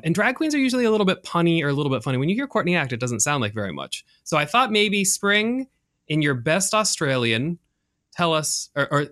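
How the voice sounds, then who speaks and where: This podcast co-host has a slightly high, somewhat bright voice. He chats casually and eagerly, peppering his talk with fillers and frequent restarts.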